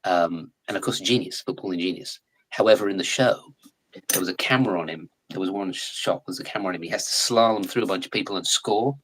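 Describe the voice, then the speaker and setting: An English man in his forties, a guest in a casual live chat, talking in a chatty, animated way and laughing often. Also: deep voice, fast talker, slightly rough, low-quality recording. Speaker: guest actor.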